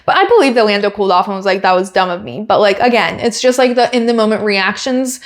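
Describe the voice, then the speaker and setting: A woman's voice: mid-range voice, lively intonation, fast talker. Chatty woman podcast host. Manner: rambling, many fillers like "like". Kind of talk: casual chat.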